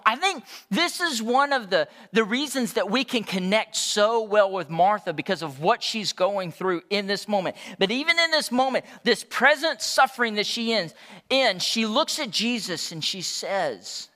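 A man's voice: high-pitched, expressive, normal speed, sharp tone. A man preaching a passionate sermon, retelling scripture dialogue with rising intensity. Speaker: pastor. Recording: large hall reverb.

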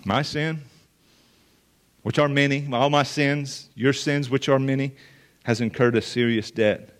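A man's voice: medium pitch, fairly even intonation, unhurried. A male pastor preaching a sermon to a room of listeners, earnest and emphatic, repeating phrases for weight. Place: church or meeting room with listeners.

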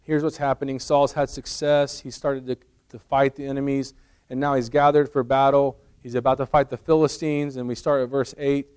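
Male pastor, relaxed sermon delivery, conversational storyteller with light humor. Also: medium pitch, moderate pace, clean tone.

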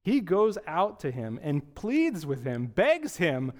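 A man's voice: on the high side, huge pitch swings, slow pace, darkish tone. A young adult male pastor preaching a sermon in a conversational way, often asking rhetorical questions.

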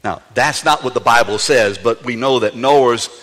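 An older man preaches a sermon, shifting between calm teaching and animated, playful asides. His voice is bright and ringing, carried by the long reverb of a large hall. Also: medium pitch, normal speed. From New Orleans. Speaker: pastor.

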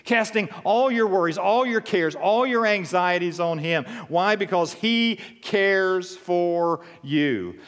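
A man preaching a sermon as pastor, emphatic and animated, repeating key phrases. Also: high-pitched, takes it slowly, hardly any pauses, big-room sound.

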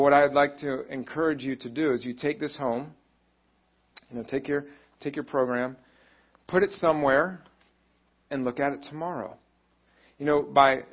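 A man's voice: fairly high pitch, highs cut off. A man pastor giving a conversational, encouraging sermon, often acting out what people think and say. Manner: conversational, encouraging, acts out quoted thoughts.

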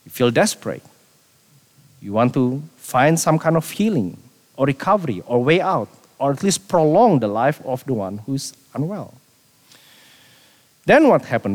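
A man preaching a sermon as a pastor, animated, repeating himself and dropping quiet for emphasis. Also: mid-range voice, in a large hall.

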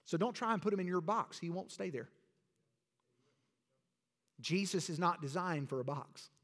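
A man preaching a sermon as pastor of his church, swinging between loud bursts and soft, quiet drops. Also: high-pitched, animated, moderate pace. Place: church sanctuary. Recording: long reverb of a large hall.

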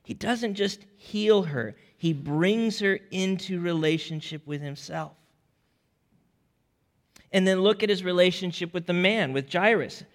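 A man preaching a sermon as a pastor, earnest and deliberate, sometimes restarting his words. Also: high voice, in a large hall.

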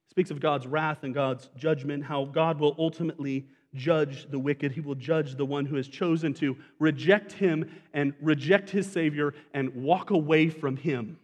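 A pastor preaches a sermon to his congregation in an easy, conversational way, often putting questions to the listeners. His slightly high voice has fairly even intonation and a moderate pace with few pauses, carried by the long reverb of a church sanctuary.

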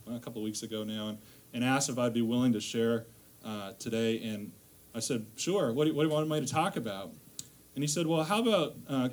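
A man from the northern US giving a casual sermon as a guest lay preacher in a church, chatty and self-deprecating, with lots of fillers and restarts. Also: medium pitch. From northern United States. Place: church sanctuary.

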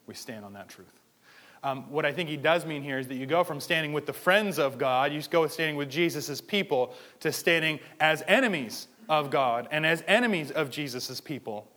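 A man preaching a sermon as pastor, talking conversationally and moving from quiet asides to loud pleading. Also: a little high, lively intonation, moderate pace.

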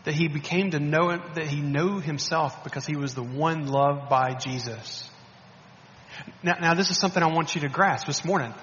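A man preaching a sermon as a guest speaker, animated and coaxing, often restarting and repeating words. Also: on the high side, normal speed, big-room sound, dull audio, a little hiss or hum.

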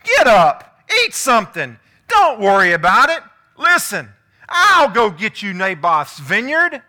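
A man's voice: on the high side, wildly swooping pitch, normal speed, sharp tone, exaggerated voice. A preacher voicing a domineering queen who belittles her husband, demanding and mocking.

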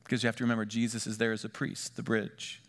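A middle-aged man preaching a sermon as pastor, moving between hushed, quiet asides and lifted, emphatic lines. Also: fairly low pitch, completely flat delivery, fast talker.

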